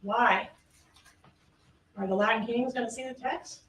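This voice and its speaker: A woman's voice: a little high, steady tone, a little slow, fairly bright tone, slight background noise. A woman prosecutor giving a courtroom closing argument, emphatic and full of rhetorical questions. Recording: echoey room, distant mic, faint ambience.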